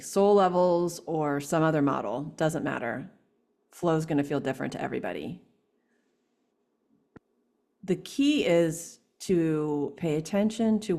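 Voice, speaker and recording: A woman with a very low, gravelly voice passes along intuitive guidance on a podcast. She explains each point steadily, framing it as what "they" are showing her. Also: a little mellow. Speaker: intuitive reader relaying guidance. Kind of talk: channeled spiritual advice.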